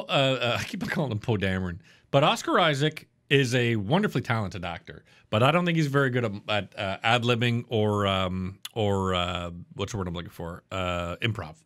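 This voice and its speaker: A podcast co-host reviews a TV episode casually, rambling along in a blunt and profane way. His voice sits in the mid range and is a bit bright.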